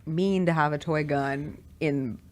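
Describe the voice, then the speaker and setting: A woman's voice: low voice, fairly even intonation, a crowd in the background. A woman joining a sports radio show in studio, chatting casually with wry remarks. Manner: quick agreeing interjections, wry. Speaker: studio guest co-host.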